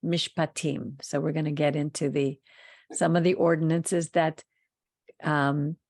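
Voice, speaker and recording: Low, gravelly woman teaching scripture. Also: little pitch movement, a little slow, darkish tone, no echo, studio quality. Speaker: host of a Torah study program. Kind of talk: teaching talk and closing blessing.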